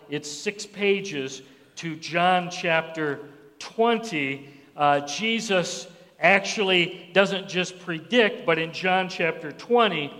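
A male pastor preaching a sermon who acts out Bible voices with sudden jumps in pitch. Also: fairly bright tone. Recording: long hall reverb.

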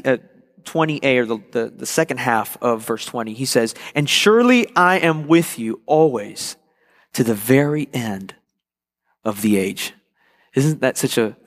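A man's voice: mid-range voice, big-room sound. A man preaching a sermon as pastor, earnest and repeating key phrases for emphasis.

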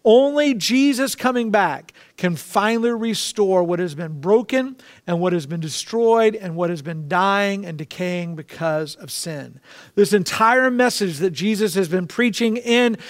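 A man's voice: high voice, a little slow, dry recording, studio quality. A man preaching a sermon, emphatic and repeating key phrases for weight. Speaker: pastor.

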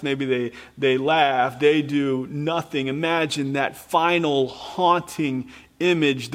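A man's voice: on the high side, in a large hall. A man preacher in earnest, dramatic storytelling mode, retelling a scripture scene with emphatic repetition.

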